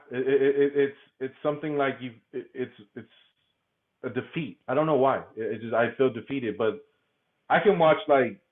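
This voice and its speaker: Man, podcast guest, candid talk, frequent laughter, stammering repeats, thin phone-line sound. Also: mid-range voice. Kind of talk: candid conversational interview. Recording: tinny phone-like remote line.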